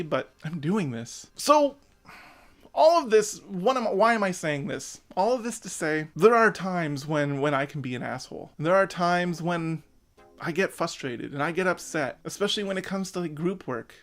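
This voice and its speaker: A man in his thirties giving an earnest, emotional personal rant as a vlogger, swearing now and then. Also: on the high side. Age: 30s.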